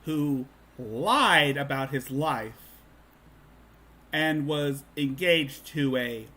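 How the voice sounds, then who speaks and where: A man's voice: medium pitch, very slow, bright, forceful tone. A man hosting a commentary stream, talking in a sarcastic, mocking way with stumbling restarts. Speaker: streamer host.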